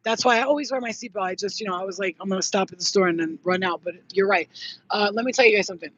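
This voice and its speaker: Chatty woman vlogger, slightly husky. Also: medium pitch, racing. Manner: chatty, swears freely, affectionate sign-offs. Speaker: spiritual healer vlogger. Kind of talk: casual live vlog chat. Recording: muffled dry sound.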